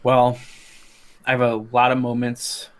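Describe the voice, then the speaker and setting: A man talking as a guest on a casual podcast, rambling with many restarts and fillers, getting animated. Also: medium pitch, measured pace. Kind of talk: casual chat.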